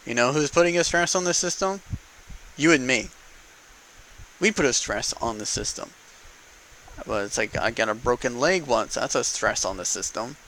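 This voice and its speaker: Man, casual opinion monologue, argumentative, bright forceful voice, faint room hiss. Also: medium pitch, lively intonation, normal speed, pauses often, poor audio. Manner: argumentative, repeats rhetorical "okay?" and "right?". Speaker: vlogger speaking to camera.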